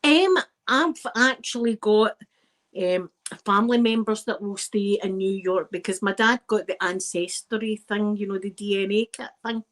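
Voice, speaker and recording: A Scottish woman hosting a casual live stream, chatting to her viewers in a rambling, lively way with plenty of asides. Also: mid-range voice, moderate pace, poor audio. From Scotland.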